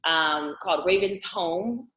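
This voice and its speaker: A woman from Louisiana, an actress, chatting as an interview guest in an animated way, laughing often and acting out quotes. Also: fairly low pitch, slow, echoey room, low-quality recording. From Louisiana, USA. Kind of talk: casual interview chat.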